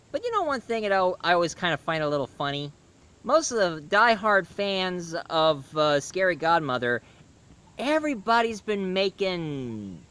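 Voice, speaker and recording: A man reviews a cartoon in a relaxed, unscripted way, often stopping to restart or correct himself. He talks slowly. His pitch sits fairly high for a man and moves around a lot. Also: clean tone. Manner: halting, with restarts and self-corrections. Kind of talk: casual video review.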